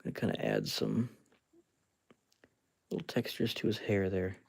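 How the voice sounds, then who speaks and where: Here the clay-sculpting streamer has a low, gravelly, slightly rough voice that swings widely in pitch at a normal speed. He keeps up casual chatter and frequent laughter, talking through his handwork and responding to fans and chat.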